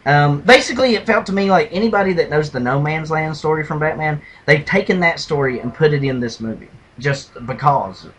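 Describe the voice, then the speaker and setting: A man co-hosting a casual podcast, retelling and mocking movie scenes with animated delivery and loud impressions. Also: on the high side, fairly quick, few pauses, low-quality recording. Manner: animated storyteller, mimics lines in a loud gravelly shout. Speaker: podcast co-host. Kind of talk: casual movie review chat.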